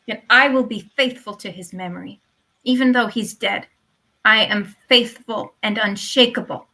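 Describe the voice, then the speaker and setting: A woman's voice: mid-range voice, fairly even intonation, moderate pace, sharp tone, rough recording. A woman voicing a proud young widow who declaims with theatrical indignation, in a stage play read over a video call. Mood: scornful. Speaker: actor in a live online reading.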